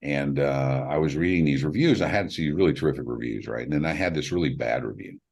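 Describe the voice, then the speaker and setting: Middle-aged male director, very low and husky, animated storyteller who performs the voices of people he quotes. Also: fast. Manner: animated, acts out quoted voices with big pitch jumps, laughs. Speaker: film director. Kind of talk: casual interview storytelling.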